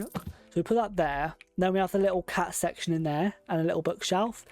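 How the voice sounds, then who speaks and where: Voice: medium pitch, fairly quick, vocal fry, darkish tone, soft background music. A game streamer, chatting casually and thinking aloud while decorating a room in a game. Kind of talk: casual gameplay commentary.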